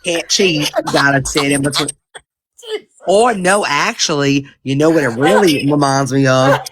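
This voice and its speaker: A woman's voice: sits low, moderate pace, a crowd in the background. A woman in a casual group chat, rambling and joking with plenty of swearing. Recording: faint background noise.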